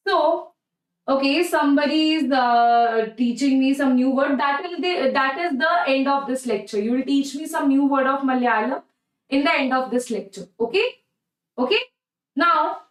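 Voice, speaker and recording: High-pitched Indian woman teaching chemistry. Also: echoey room, recorded from a distance, poor audio. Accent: Indian English. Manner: repetitive, coaxing, checks "okay? right?" often. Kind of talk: online exam-prep lecture.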